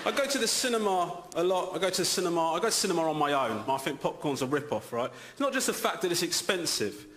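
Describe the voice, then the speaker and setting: A man's voice: on the high side, quick pace, hardly any pauses. A man performing a stand-up comedy routine on a theatre stage, telling stories and acting out voices with exasperated outbursts. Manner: animated storytelling, acting out voices, rising to exasperated shouts. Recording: echoey theatre with loud noise.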